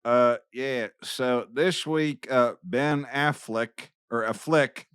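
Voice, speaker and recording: A man's voice: medium pitch, slow, fairly bright tone, clear, resonant tone, dry recording, clean studio sound. A man co-hosting a podcast, telling stories in loose, profane banter and laughing often. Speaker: podcast co-host. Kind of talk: casual chat.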